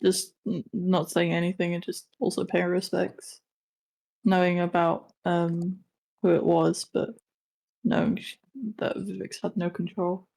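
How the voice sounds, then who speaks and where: A woman's voice: on the low side, monotone, measured pace, gravelly, a little mellow. A woman playing a tabletop game, chatting in a casual, playful way. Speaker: player.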